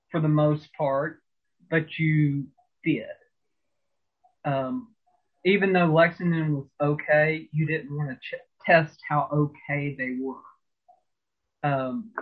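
A man in an interview telling stories in a rambling, chatty way, with lots of fillers and restarts. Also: a little high. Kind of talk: casual storytelling interview. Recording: phone-like narrow sound.

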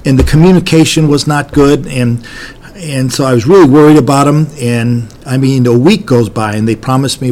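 A man's voice: mid-range voice, normal speed, a little mellow. An older army veteran gives an oral history recollection of his service, talking in a folksy, rambling way with many restarts.

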